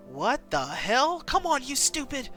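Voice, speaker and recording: A man's voice: high-pitched, moderate pace, sharp tone, faint music behind, voice pushed up. A woman reading aloud from an interactive story game, voicing a cruel, taunting man villain who snarls his threats. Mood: sneering. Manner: snarling and taunting, then screaming in panic. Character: menacing, cruel man villain, turns desperate.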